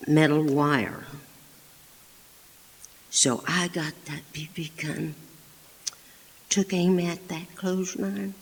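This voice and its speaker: Slow, husky woman storyteller on stage. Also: low voice. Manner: animated, with sound effects and hushed whispered asides. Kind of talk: live storytelling performance. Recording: echoey hall with long reverb.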